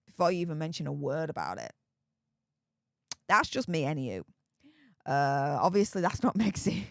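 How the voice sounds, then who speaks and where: A woman's voice: deep voice, very animated, normal speed, gravelly, no room sound, clean studio sound. A woman with a Yorkshire accent hosting a casual livestream, reading viewer messages with chatty, laughing, sarcastic asides. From Yorkshire, England.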